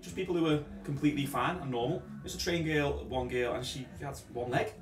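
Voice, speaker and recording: A man's voice: mid-range voice, fairly quick. A man co-hosting a podcast as a gym coach, chatting loosely with lots of "like" fillers. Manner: relaxed storytelling with many "like" fillers. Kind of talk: casual chat. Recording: echoey room, far from mic, music behind.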